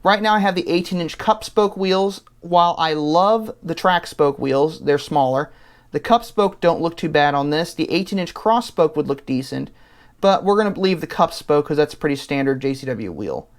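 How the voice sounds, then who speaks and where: A man's voice: a little high, animated, moderate pace. A man, the channel's host, casually thinking aloud as he talks through building a car online in an easygoing voice-over.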